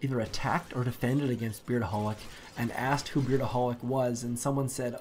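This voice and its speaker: A man's voice: mid-range voice, fairly even intonation, a little fast, few pauses, a little mellow, slight background noise, rough recording. A young man chatting casually on a game live stream, rambling with many fillers and restarts. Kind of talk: casual live-stream commentary while playing.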